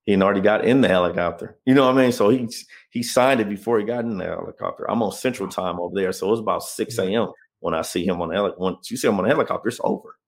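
Gravelly low-voiced man telling his story. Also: racing, few pauses. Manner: conversational, often adds "you know what I mean". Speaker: interview guest. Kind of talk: personal storytelling in conversation.

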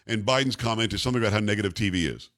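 A man's voice: fairly low pitch, racing, a bit bright. A middle-aged man hosting a talk radio show, chatty and joking, laughing often as he banters with his co-host.

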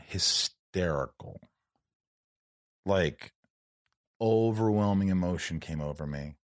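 A man's voice: low voice, takes it slowly, pauses often, no echo, clean studio sound. A man hosting a podcast, telling a personal story in casual chat and acting out the dialogue. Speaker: podcast host.

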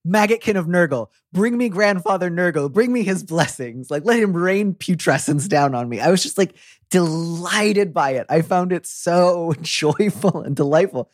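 Animated chatty man, dry close sound. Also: high-pitched, normal speed, no room sound. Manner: animated, effusive, breaks into quoted voices. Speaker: podcast host. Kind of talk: casual conversational chat.

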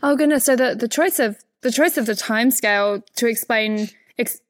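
A woman with an Australian accent, a particle physicist and author answering interview questions in a lively, story-telling way. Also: on the high side, dry recording. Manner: animated storyteller, fillers and quick restarts.

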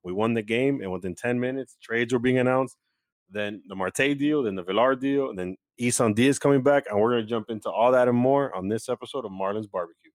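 A man hosts a sports podcast from home and talks in a chatty, upbeat way. His voice is mid-pitched and dry, picked up close to the mic. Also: a little fast, no echo. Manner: upbeat, chatty, many fillers. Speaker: podcast host. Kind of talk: casual sports chat.

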